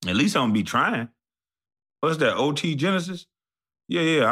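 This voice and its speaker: A man in a blunt, profane ranting monologue, animated and telling stories with quoted voices. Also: fairly high pitch, a little fast, slightly rough.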